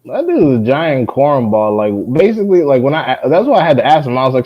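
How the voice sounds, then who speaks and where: A man's voice: medium pitch, big pitch swings, fast, hardly any pauses, highs cut off. A man hosting a casual discussion who talks bluntly and profanely, mocking his critics. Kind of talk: casual talk show discussion.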